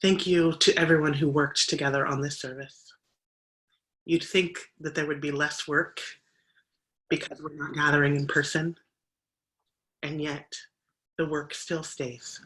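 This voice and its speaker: Service host, bright and forward tone, chatty announcements over a video call. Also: mid-range voice, level tone, measured pace, pauses often. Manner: warm thanks, loose and conversational with fillers. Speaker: minister leading the service.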